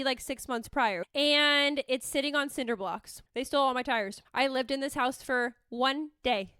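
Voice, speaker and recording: A young woman from the Bay Area hosting a podcast, telling a story in a rambling, animated way with lots of "like". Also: high-pitched, smooth, no echo, clean studio sound. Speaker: podcast host. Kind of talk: casual storytelling chat.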